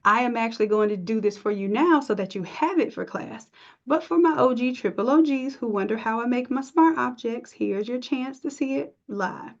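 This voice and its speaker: A woman teaching a live software design class, chatty and encouraging, thinking aloud as she works. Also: fairly high pitch, moderate pace. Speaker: design instructor. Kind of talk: live screen-share tutorial. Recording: dull lo-fi stream audio.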